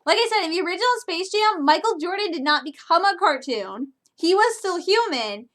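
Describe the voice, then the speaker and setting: A woman in her twenties from Michigan gushing casually about a movie trailer in a reaction video, excitable and quick to laugh. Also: extremely high pitch. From Michigan, USA.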